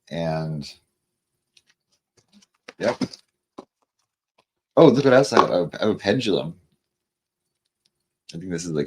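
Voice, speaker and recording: A man giving tarot card readings in a casual livestream chat with viewers, rambling and stammering through restarts, and reading card messages aloud slowly. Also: low voice. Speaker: tarot reader.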